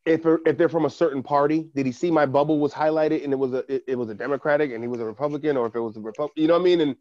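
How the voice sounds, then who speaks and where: A man co-hosting a podcast, telling an animated story in casual chat and swearing often. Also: a little high, racing, dry recording, dull audio. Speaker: podcast co-host.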